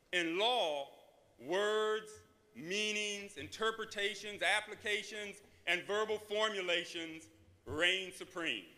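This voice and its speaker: A man, a law professor, delivering a formal prepared introduction in an auditorium with slow, measured phrasing. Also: sits high, pushed and bright. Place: large auditorium. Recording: long reverb of a large hall.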